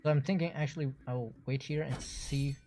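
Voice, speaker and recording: Guy dev on a stream, average pitch, thinks out loud, lots of restarts. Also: steady tone, normal speed, slight background noise. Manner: thoughtful, explains at length with restarts. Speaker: game developer on a livestream. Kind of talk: casual gameplay chat.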